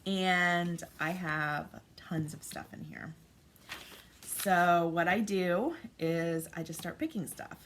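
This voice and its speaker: A woman's voice: lowish voice, takes it slowly. A woman in her forties giving a casual craft tutorial at home, chatty and thinking aloud with frequent ums. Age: 40s. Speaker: craft vlogger. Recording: steady background noise, paper crinkling.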